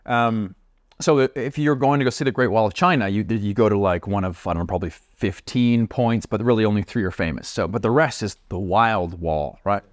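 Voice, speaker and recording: A man who is a podcast guest, telling a story in an animated, chatty way with lots of asides. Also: on the low side, brisk, dry recording, studio quality. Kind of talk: casual storytelling.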